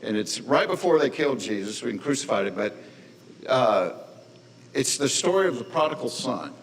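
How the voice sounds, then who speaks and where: A man's voice: medium pitch, big pitch swings, moderate pace, slightly rough, long reverb tail, rough recording. Folksy man telling a stage story. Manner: folksy, conversational, earnest. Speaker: stand-up comedian. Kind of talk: stand-up storytelling to a live audience.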